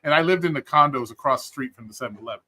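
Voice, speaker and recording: A man's voice: mid-range voice, rapid-fire, crowd noise. A man telling stories on a live stream in a casual, blunt and profane way. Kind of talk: casual storytelling.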